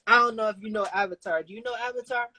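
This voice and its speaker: A woman chatting as a guest on a live stream, joking and animated. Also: fairly high pitch, very fast, slight background noise, low-quality recording. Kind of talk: casual chat.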